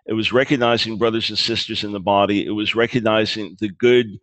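A man's voice: fairly low pitch, steady tone, fairly quick, hardly any pauses, fairly bright tone, no room sound. A man being interviewed about his book, explaining his views earnestly, often restarting phrases and acting out quoted dialogue. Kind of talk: conversational interview.

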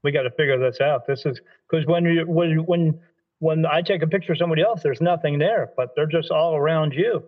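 A man's voice: on the high side, a little fast, dull audio. A man from Delaware telling a story in conversation, acting out the dialogue and often restarting his sentences. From Delaware, USA. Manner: animated storyteller, acts out quoted dialogue, frequent restarts. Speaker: spirit medium.

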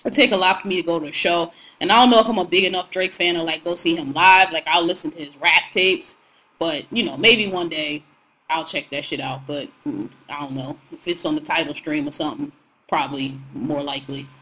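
A young woman co-hosting a podcast talks about music and celebrities in an outspoken, slangy, profane manner. Her voice sits low but comes out pushed and bright at a fairly quick pace, on a rough recording.

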